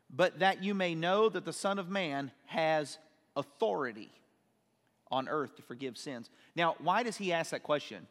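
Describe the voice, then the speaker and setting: A man's voice: a little high, animated, measured pace, fairly bright tone, big-room sound. A man teaching a sermon, reading scripture aloud and explaining it with questions to his listeners. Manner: explains and asks questions, reads verses aloud. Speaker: preacher.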